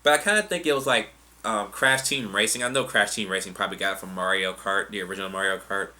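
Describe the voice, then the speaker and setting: This young man talks fast in a fairly low voice that sounds pushed and bright. Answering viewer questions casually, he rambles profanely and loosely, restarting now and then.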